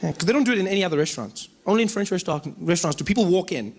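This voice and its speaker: Man from South Africa, stand-up set, lively and expressive. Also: high voice, very fast. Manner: animated storytelling with shifting voices. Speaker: comedian. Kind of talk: stand-up comedy.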